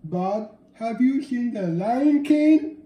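A young man co-hosting a casual unboxing video, talking haltingly, often restarting and repeating his phrases. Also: extremely high pitch, animated, warm tone. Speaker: co-host of an unboxing channel. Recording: echoey room.

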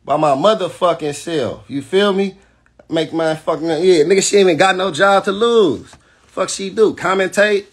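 A man delivers a defiant, profane livestream rant as a battle rapper. His voice sits high for a man and has a husky edge. He talks aggressively and keeps checking in with his listeners. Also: normal speed. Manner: keeps asking "you know what I'm saying".

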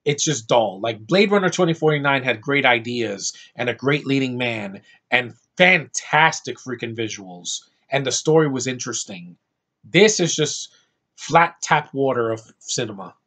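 A man's voice: mid-range voice, lively intonation, normal speed, fairly bright tone, breathy edge. A man giving a blunt, profane, rambling film review rant. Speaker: movie reviewer.

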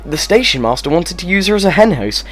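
Scottish man as an anxious little tram engine, high, fretful. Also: big pitch swings, quick pace, fairly bright tone.

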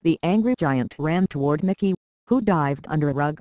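A narrator reading a children's storybook aloud with a steady, even delivery. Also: mid-range voice, normal speed, dry recording, low-quality recording.

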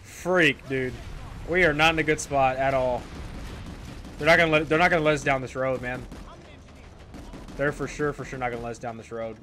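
Casual, jokey commentary comes from a gameplay streamer addressing his viewers over his own play; he repeats phrases and swears when things fall apart. His medium-pitched voice is steady, pushed and bright, delivered at a moderate pace with frequent pauses. A little hiss or hum is audible.

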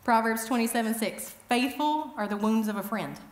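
A middle-aged woman with a fairly high voice tells stories at an event, chatty and self-mocking. Her animated delivery rings out in a roomy, echoey hall. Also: moderate pace. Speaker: event speaker. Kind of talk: humorous storytelling talk.

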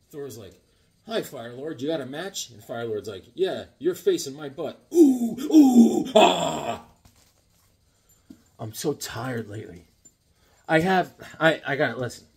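Man host, casual comic rambler, husky voice, bouncy lively pitch. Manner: rambling, joking, slips into silly voices and songs. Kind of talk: casual comedic chat.

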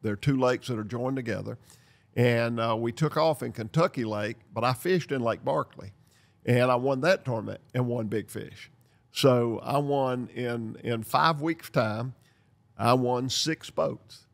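Gravelly older man telling stories. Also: medium pitch, a little slow. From North Carolina, USA. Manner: lively storyteller who acts out dialogue and laughs. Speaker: podcast host. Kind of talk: storytelling podcast chat.

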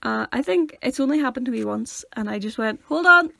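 A woman's voice: fairly high pitch, fairly quick, creaky, dry recording. A young woman from near Derry with a Northern Irish accent, co-hosting a casual podcast and telling stories with acted-out quotes and lots of laughter. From Northern Ireland. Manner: animated storyteller, acts out quotes, laughs a lot. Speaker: podcast co-host. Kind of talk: casual chat.

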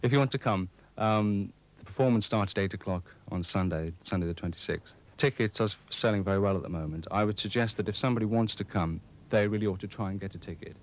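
A man's voice: on the low side, fast, hardly any pauses. A young man organising a student music society, talking earnestly through plans with frequent hesitations. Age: young adult. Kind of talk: committee discussion and radio interview.

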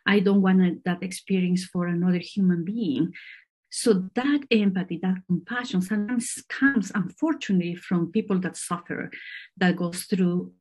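A middle-aged woman scientist from Peru, answering interview questions in a halting way with many fillers and restarts. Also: fairly low pitch, darkish tone, breathy edge. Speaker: scientist guest.

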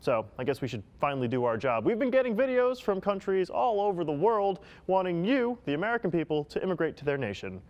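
Lively high-voiced male comedy host. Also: fast, hardly any pauses, lo-fi sound. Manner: exasperated, theatrical. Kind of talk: scripted comedy hosting.

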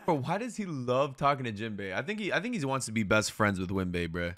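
A young man doing live reaction commentary on an anime, excitable and profane, shouting at the screen. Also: mid-range voice, fast talker.

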